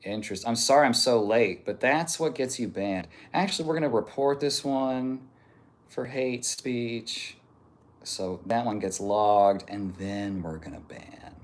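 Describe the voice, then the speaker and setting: A man streaming live reads viewer messages aloud one after another, joking and off-hand. His mid-range voice moves a little slowly.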